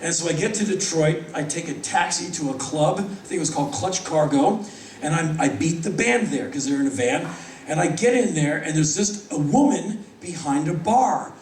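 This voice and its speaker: An American man in his fifties telling stories on stage in a wry, animated way, acting out the voices of people he quotes. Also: on the high side, moderate pace, a little hiss or hum. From United States. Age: 50s. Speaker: spoken word performer. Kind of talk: live stage storytelling. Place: large concert hall. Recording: echoey hall from far off.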